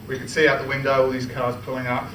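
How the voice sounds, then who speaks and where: A man's voice: mid-range voice, monotone, fast. An Australian man giving a speech at a club meeting, telling a humorous personal story in a chatty way, restarting often and laughing. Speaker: club speaker. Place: meeting room. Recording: roomy hall, from far off, with noise.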